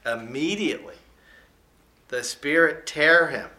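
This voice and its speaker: Folksy bright-voiced male preacher. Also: a little high. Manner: folksy, joking asides between verses, chuckles often; slows down and stresses key scripture words. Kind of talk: sermon, reading and commenting on scripture.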